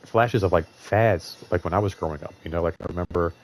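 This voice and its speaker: Low-voiced man rambling, swearing casually. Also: brisk, rough recording. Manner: rambling, profane, lots of fillers and restarts. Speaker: show host.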